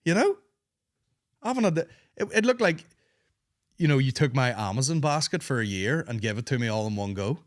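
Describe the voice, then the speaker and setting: A man, hosting a podcast and telling a long comic story in casual, sweary, animated chat. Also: mid-range voice, no echo, clean studio sound. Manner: sweary, animated, quick asides. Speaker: podcast host.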